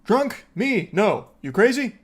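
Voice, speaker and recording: A man putting on a tipsy woman's voice, shrill and mocking, denying she has had a drink. The pitch sits high above his natural speaking voice. It comes out squeaky and over-indignant. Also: big pitch swings, slow, slightly rough, exaggerated voice. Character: drunk woman insisting she is sober.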